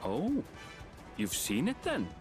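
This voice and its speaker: A calm frontier investigator from a video game, setting out his findings in a measured way. His pitch moves a lot as he explains, and clear game music plays behind him. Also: heavily acted. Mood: explaining.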